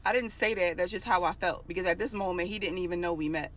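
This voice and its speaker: A woman's voice: fairly low pitch, fast. A woman telling her own story in a casual, emotional storytime monologue, repeating phrases for emphasis.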